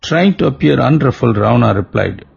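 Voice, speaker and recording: A man narrating an epic tale in a formal, deliberate storytelling manner, heard on a dull lo-fi recording. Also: medium pitch, expressive, vocal fry, breathy edge.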